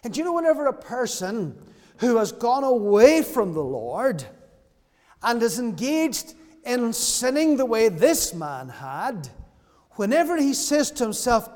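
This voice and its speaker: Guy with a high voice preaching, says the key lines over and over, long echo like a big hall. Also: big pitch swings, a little slow, darkish tone. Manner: earnest, repeats key phrases for emphasis. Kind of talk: sermon.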